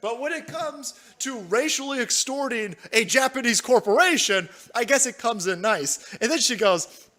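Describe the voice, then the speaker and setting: This livestream host has an extremely high-pitched, expressive voice with a bright, forceful tone, and he speaks at a moderate pace. He delivers crude, sarcastic, profane commentary, laughing often as he riffs and reads out donations.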